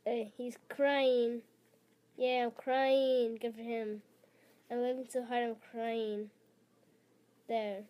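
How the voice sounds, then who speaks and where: A woman with a high voice chats unhurriedly as she reacts to clips, halting and full of fillers. Her talk drifts and giggles along at a slow, easy pace. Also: flat delivery, darkish tone. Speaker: reaction video maker. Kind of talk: casual rambling commentary.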